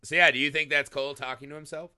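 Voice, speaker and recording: A man hosting a casual film discussion podcast, animated and peppering his talk with "right?". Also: on the high side, racing, clean tone, no room sound, clean studio sound. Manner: animated, swearing, frequent "right?". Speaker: podcast host.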